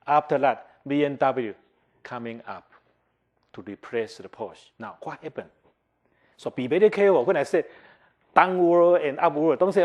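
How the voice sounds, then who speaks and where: Man, older, from taiwan, university lecturer, classroom lecture, animated, english. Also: high voice. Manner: animated, acts out customer reactions, asks the class questions; non-native English, simplified grammar. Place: lecture hall.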